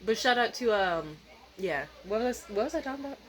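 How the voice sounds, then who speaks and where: A young woman vlogging at home at night, telling a story in a profane, animated rant and mimicking other people's voices. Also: fairly high pitch, brisk, poor audio. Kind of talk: casual vlog rant.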